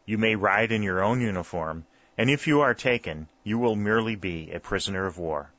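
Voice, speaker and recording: A smooth, flattering general speaks in soft, coaxing tones, as a man reads him aloud. The voice sits low with a bright edge, heard on a dull, lo-fi audiobook recording. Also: brisk, dry recording. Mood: persuasive. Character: Confederate general, persuasive and flattering.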